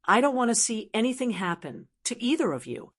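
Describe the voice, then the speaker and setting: A woman's voice: on the high side, sing-song, fairly quick, husky. A woman voicing an earnest young man who anxiously begs his friend not to fight. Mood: pleading. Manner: begging, anxious.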